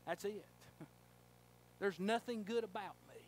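A male pastor preaching a sermon in a church, telling a folksy story and rising to fervent shouting. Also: high-pitched, slow pace, a little hiss or hum. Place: church sanctuary.

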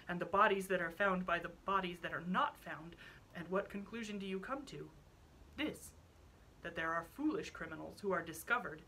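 A woman voices a suave, cynical old count who lectures the room with slow rhetorical questions. He sounds bright and carrying. His voice sits low. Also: a little hiss or hum, lightly acted, low-quality recording.

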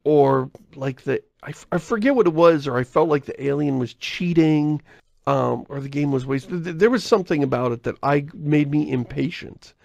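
A podcast host chatting casually in a rambling, self-interrupting way, often laughing and reading listener mail. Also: male voice, a little high, moderate pace, gravelly, a little mellow, no room sound. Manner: reads listener mail aloud.

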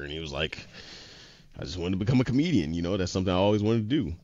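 A man's voice: deep voice, lively intonation, racing, a little mellow, no room sound, dull audio. A man casually retelling an anime episode, rambling with lots of "he was like" quotes and frequent laughs. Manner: laughs often. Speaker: podcast co-host.

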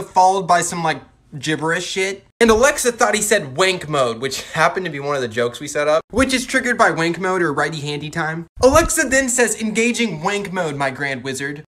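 A man casually telling a funny story in an animated way, swearing now and then. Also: high voice.

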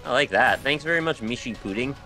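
Deadpan guy teasing his cohost on a game stream, medium pitch, faint music playing. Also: fast talker. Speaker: streamer co-host. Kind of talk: casual gaming chat.

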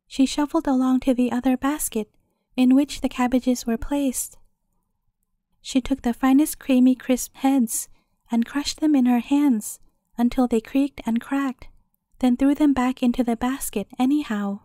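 A woman narrating a fairy tale as a bedtime story, reading in a calm, measured way. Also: sits high, no room sound, clean studio sound.

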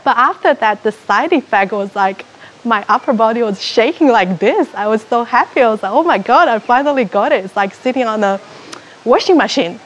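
A woman tells a personal story in an animated way, slipping into her past thoughts as she recounts them. Her voice sits a little on the high side. A faint hiss runs behind her. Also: fairly quick. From China. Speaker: retreat participant. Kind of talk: personal testimony.

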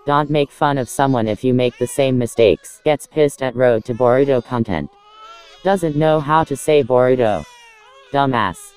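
A man voicing an angry, foul-mouthed male anime fan who yells insults in a very deep, distorted voice. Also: clear, resonant tone, close to an everyday voice. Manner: yelling insults, whiny.

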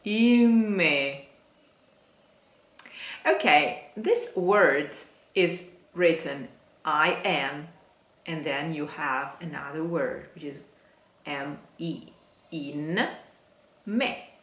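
Casting: Italian-accented female singing teacher, slow careful delivery, lowish voice. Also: a bit bright. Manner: demonstrates phrases slowly, syllable by syllable. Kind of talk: Italian diction lesson for singers. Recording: roomy echo.

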